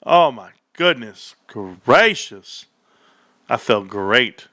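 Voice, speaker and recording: A male livestream host reacting excitedly to an earnings report, reading figures aloud and bursting into shouts. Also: mid-range voice, normal speed, no room sound, clean studio sound. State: out of breath.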